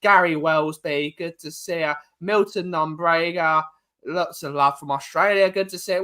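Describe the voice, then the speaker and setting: A young man hosts a casual football chat show and runs through a long list of viewer names. His voice is bright and forceful and sits a little high. He keeps up an easy patter of greetings between the names. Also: fairly even intonation, normal speed, clear, resonant tone. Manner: reads out viewer names with running banter. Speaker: host.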